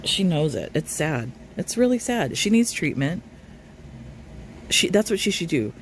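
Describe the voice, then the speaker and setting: A man's voice: a little high, sing-song, a little slow, a little hiss or hum. A man commentating on a live stream, reading viewer comments aloud and arguing back at them. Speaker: reaction commentator.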